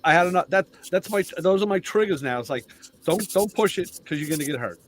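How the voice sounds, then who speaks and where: Older man, casual storyteller, slightly high voice, faint background hum. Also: expressive, fast talker. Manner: storytelling, laughing, repeating words. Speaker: show regular. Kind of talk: casual live-stream chat.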